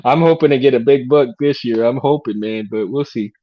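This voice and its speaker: A man's voice: medium pitch, a little fast. Middle-aged guy from texas rambling on his stream, laid-back, says dude a lot, kinda muffled audio. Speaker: livestream host. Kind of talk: casual livestream chat.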